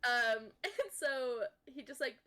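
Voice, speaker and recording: A woman's voice: high-pitched, lively intonation, takes it slowly, sharp tone. A young woman co-hosting a podcast in casual chat, giggly and rambling with lots of fillers. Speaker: podcast co-host.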